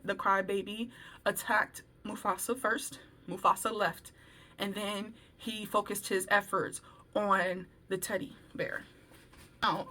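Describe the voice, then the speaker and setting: A woman vlogger telling a work story in casual chat, animated and slangy, acting out what people said. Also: on the high side. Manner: animated, slangy, acts out quoted dialogue.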